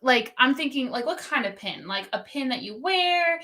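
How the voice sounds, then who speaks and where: Bright jersey-raised woman chatting on a podcast, kinda high, lots of laughs. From New Jersey. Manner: animated, laughing, quick asides. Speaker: podcast co-host. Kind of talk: casual chat.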